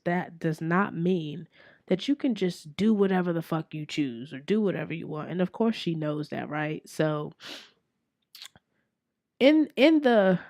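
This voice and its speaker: A woman podcast host in her forties, candidly telling a family story in a casual, profane, animated way. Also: lowish voice, no echo, studio quality.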